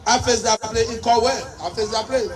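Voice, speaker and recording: A Liberian man giving a campaign speech, shouting and repeating key phrases for emphasis. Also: very high-pitched, flat delivery, fairly quick, far from the mic. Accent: Liberian English.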